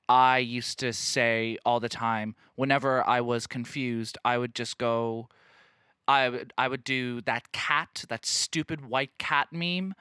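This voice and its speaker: A man hosting a podcast in casual chat, talking in a campy, animated way and laughing often. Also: medium pitch, clean tone, no room sound, clean studio sound. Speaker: podcast host.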